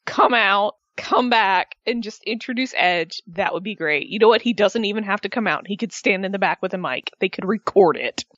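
A woman co-hosting a casual recap chat, animated and sarcastic, with excited outbursts. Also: mid-range voice, normal speed, hardly any pauses, no echo, lo-fi sound.

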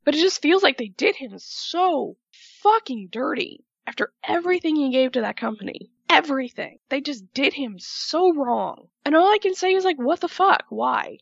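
A woman's voice: high voice, lively intonation, moderate pace, vocal fry, hardly any pauses, no echo, dull audio. A woman delivering an emphatic, profane rant as a wrestling fan, repeating herself for emphasis in casual commentary.

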